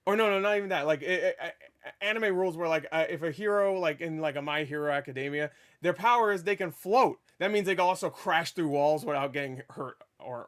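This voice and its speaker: A fairly high-voiced man talks through a movie in a loose, unscripted review. He rambles, curses freely and trips over his own restarts, then bursts into excited shouts when he gets to the big moments. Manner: rambling, profane, with stammered restarts; animated and excitable. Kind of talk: casual spoiler review talk.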